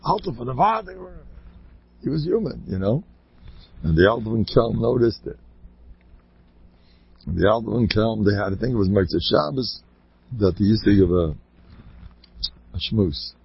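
An inspirational speaker gives an informal Jewish ethical talk full of stories, his husky voice animated, with swooping pitch and sudden drops to quiet. He talks at normal speed, pausing often and laughing between points. The recording is dull, lo-fi and dry, with no echo.

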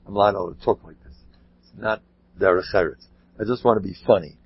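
A man giving an informal Torah talk, telling rambling stories with animated asides. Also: on the low side, fairly quick, slightly rough. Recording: dull lo-fi sound.

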